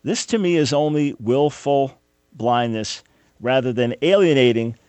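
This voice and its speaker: A man's voice: medium pitch, unhurried, darkish tone, clear, resonant tone, no echo. A man hosting a talk radio show, delivering an emphatic, opinionated monologue with sarcastic rhetorical quizzes for his listeners.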